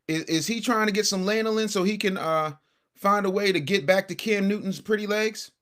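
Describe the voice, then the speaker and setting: A man's voice: high-pitched, fairly quick, fairly bright tone. A man hosting a casual livestream commentary show, brash and combative, talking straight to his chat.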